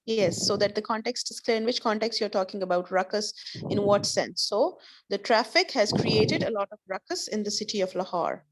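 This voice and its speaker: A woman's voice: mid-range voice, moderate pace. A woman teaching an online class over a video call, explaining words patiently with examples and encouraging her students.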